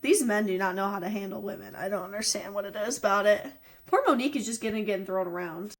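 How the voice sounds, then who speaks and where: A woman's voice: mid-range voice, quick pace. A woman co-hosting a podcast, chatting casually as she narrates a movie's plot and reacts to it. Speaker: podcast co-host. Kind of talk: casual movie recap chat.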